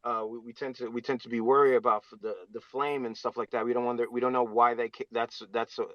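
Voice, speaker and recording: A man speaking up in a live audio chat room, talking haltingly with many fillers and restarts. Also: medium pitch, little pitch movement, dry recording. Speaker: audience speaker. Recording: dull dry lo-fi online call audio.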